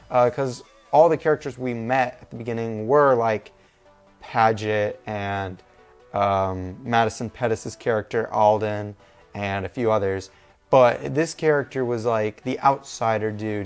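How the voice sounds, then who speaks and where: A man's voice: medium pitch, clean tone. A young man talking through a movie review in a casual, rambling, informal way.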